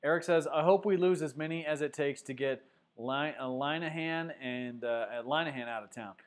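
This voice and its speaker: A man's voice: a little high, moderate pace. A man hosting a casual sports livestream, reading viewer comments aloud and chatting loosely, with plenty of fillers. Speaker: sports show host. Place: Denver.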